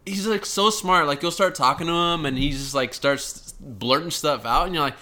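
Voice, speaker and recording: A man's voice: fairly high pitch, normal speed, bright, forceful tone. A man in a casual podcast chat, laid-back and swearing freely.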